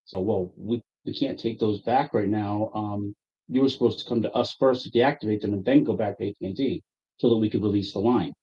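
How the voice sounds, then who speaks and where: A man with a husky, slightly breathy voice tells a long, profane story among friends, bursting out loud as he acts out his own angry lines. The recording is dull and lo-fi. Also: lowish voice, a little fast. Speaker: player telling a story. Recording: dull lo-fi audio.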